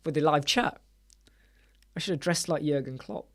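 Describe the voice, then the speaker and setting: A man's voice: fairly high pitch, steady tone, moderate pace, fairly bright tone. A man in his forties hosting a casual live chat, rambling and joking, often breaking off mid-thought. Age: 40s. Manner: rambling, jokey, self-interrupting. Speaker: web design livestream host.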